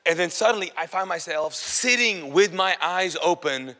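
Male minister, bright forceful voice, hushed storytelling testimony in a large church hall with long reverb. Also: lively intonation, normal speed. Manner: storytelling, often dropping to a low hushed voice. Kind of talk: sermon testimony.

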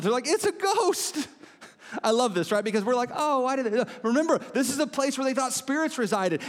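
Young male pastor, lively sermon delivery, high voice, long church-hall echo. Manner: animated storytelling, swings between excited and hushed. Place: church auditorium.

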